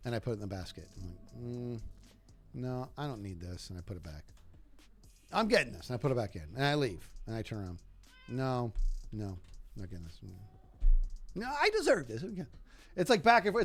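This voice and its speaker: A man livestreams a video game, joking around and talking to himself as he plays in animated commentary. His voice is medium-pitched, with slight background noise.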